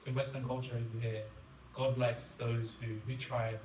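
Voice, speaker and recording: A man in the audience asking the speaker a question in a quiet, questioning way. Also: mid-range voice, little pitch movement, normal speed, a little hiss or hum. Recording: distant mic in an echoey hall.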